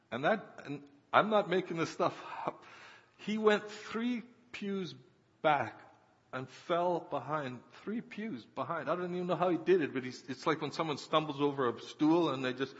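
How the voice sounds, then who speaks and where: A man preaching a sermon as pastor, swinging between loud exhortation and quiet storytelling. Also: on the high side. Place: church sanctuary. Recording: muffled church hall with long reverb.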